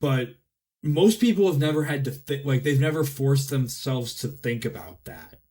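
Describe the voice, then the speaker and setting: A man's voice: mid-range voice, lively intonation, moderate pace, darkish tone. A man co-hosting a casual podcast chat, musing earnestly in loosely phrased sentences. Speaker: podcast co-host.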